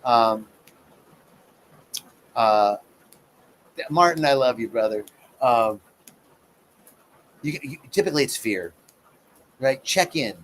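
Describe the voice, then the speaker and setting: A man's voice: mid-range voice, expressive, takes it slowly, pauses often, a bit bright. A middle-aged man, a spiritual practitioner, giving a casual live talk and acting out the voices in his own stories. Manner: conversational teacher, acts out voices in his stories. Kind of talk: live-streamed talk on personal growth.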